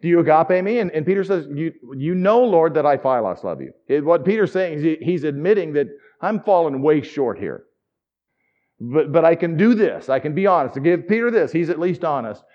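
A man's voice: fairly high pitch, very animated, moderate pace, dull audio. A man preaching a sermon in a conversational, enthusiastic teaching manner with asides. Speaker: pastor.

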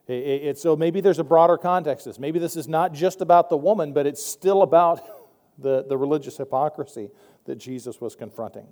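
A man's voice: mid-range voice, mellow. Man preaching in a reverberant hall. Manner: conversational, wry, with frequent restarts. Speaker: pastor. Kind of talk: sermon.

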